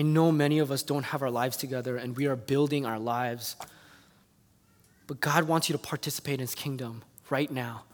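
A man preaching a sermon, telling stories animatedly and moving between hushed and loud passages. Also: mid-range voice, normal speed, in a large hall. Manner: animated storytelling with quoted voices, swinging from hushed to loud.

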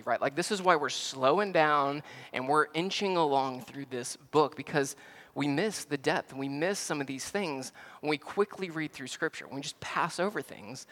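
A man from the American South with a Southern accent, preaching a sermon as pastor, stressing words loudly, dropping to quiet asides, and often restarting phrases. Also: mid-range voice, big-room sound. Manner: emphatic, swings between loud stresses and quiet asides.

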